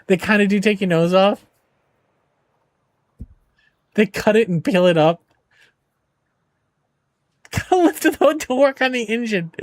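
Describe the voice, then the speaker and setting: Male game streamer, high-pitched, dry close mic, loose joking banter with chat. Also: normal speed, long pauses, no room sound. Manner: joking, rambling, reassuring. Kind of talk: casual chat with viewers.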